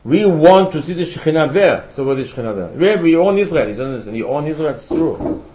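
A man's voice: on the high side, lively intonation, quick pace, mellow, slight background noise, rough recording. A man teaching a religious class, asking rhetorical questions and quoting Hebrew sources with emphasis. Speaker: rabbi teaching a Torah class. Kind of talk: religious lecture.

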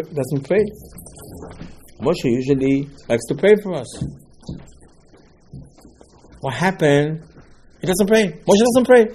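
A man teaching a Torah class, animated and full of rhetorical questions, voicing the listener's protests. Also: mid-range voice, slight background noise. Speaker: rabbi teaching Talmud.

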